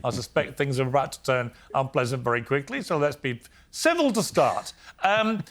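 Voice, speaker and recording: Casting note: middle-aged male talk show host, brisk, cuts in to steer the debate, mid-pitched. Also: lively intonation, a bit bright. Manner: brisk, interrupting. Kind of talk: TV debate hosting.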